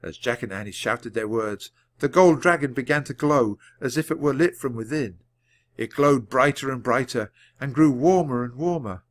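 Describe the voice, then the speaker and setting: Man reading a storybook at natural pace. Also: medium pitch. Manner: measured, clear reading at natural speed. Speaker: audiobook reader. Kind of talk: storybook narration read aloud.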